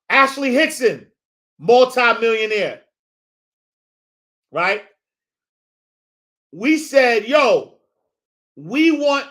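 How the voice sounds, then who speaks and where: Man, host, high voice, sharp bright tone, motivational faith talk, repetitive preacher build-ups, street slang. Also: lively intonation, takes it slowly, pauses often. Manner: street slang, addresses audience as y'all.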